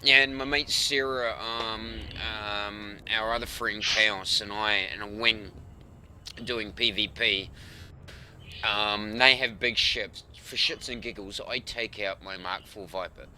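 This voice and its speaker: A man's voice: lowish voice, steady tone, takes it slowly, pushed and bright, a little hiss or hum. A man chatting casually on a gaming stream, boastful and profane, with frequent ums. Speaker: gamer on a voice chat stream. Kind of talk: casual chat about a space game.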